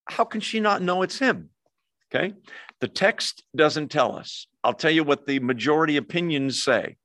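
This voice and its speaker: A man's voice: fairly high pitch, normal speed, no echo. An older man teaching the Bible in a chatty, conversational way, often asking his listeners questions. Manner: chatty, asks the audience questions, animated. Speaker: pastor. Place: church hall with in-person and online audience.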